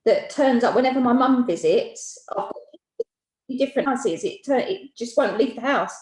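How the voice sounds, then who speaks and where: A woman speaks over a video call from a roomy space that gives her voice an echo. Her voice is high, and she answers in short, eager replies. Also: animated, moderate pace, darkish tone. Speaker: caller. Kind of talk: casual chat.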